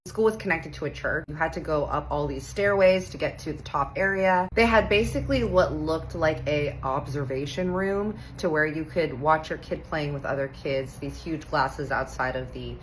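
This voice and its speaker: A woman in her thirties from Texas, telling a funny personal story in a casual, animated way, acting out the voices and swearing playfully. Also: deep voice, normal speed, few pauses, a little hiss or hum, rough recording. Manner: animated, acts out quoted voices, playful cursing.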